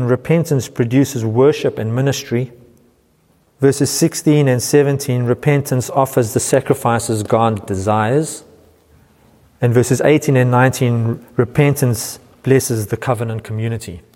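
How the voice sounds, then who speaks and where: Middle-aged pastor preaching in a reverberant hall. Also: male voice, medium pitch, a little slow, warm tone. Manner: earnest expository preaching, quoting scripture. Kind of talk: sermon.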